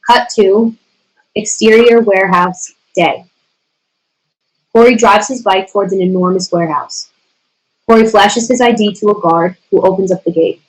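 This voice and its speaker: A woman's voice: medium pitch, fairly even intonation, normal speed, long pauses, husky, low-quality recording. A woman steadily reading the stage directions aloud at a screenplay table reading.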